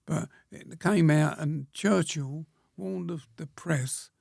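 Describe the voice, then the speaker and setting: A 100-year-old war veteran reminiscing as an interview guest, speaking plainly and slowly, with pauses and throat-clearing. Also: male voice, a little high, a little mellow, no room sound, clean studio sound. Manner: plain-spoken, slow storytelling, frequent pauses and throat-clearing.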